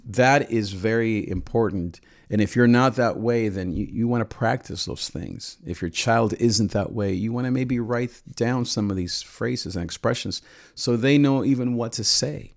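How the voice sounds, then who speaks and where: A man in his forties, a parenting channel host, giving gentle, earnest advice with frequent pauses and restarts. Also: on the low side. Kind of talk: reflective advice talk.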